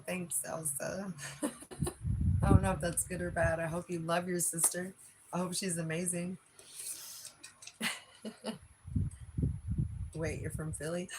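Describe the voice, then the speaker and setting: A woman's voice: lowish voice, fairly even intonation, takes it slowly, long pauses, noisy background. A woman in her late forties with a Philadelphia accent, chatting frankly on a livestream, reading comments and laughing often. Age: 40s. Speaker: livestream host.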